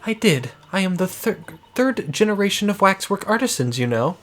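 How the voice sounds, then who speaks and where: Man doing a young, stern French museum owner, rough accent attempt, lively lilt. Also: high-pitched, moderate pace, soft background music, voice pushed up. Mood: formal, stern. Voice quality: shaky put-on French accent. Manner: formal, stern and proper. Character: young mysterious woman who runs a waxwork museum.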